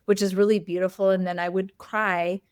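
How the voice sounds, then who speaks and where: A woman's voice: mid-range voice, level tone, normal speed, smooth, no room sound, studio quality. A woman hosting a conversation, telling a candid personal story in a loose, open way with frequent "like" and "you know" fillers. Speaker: host.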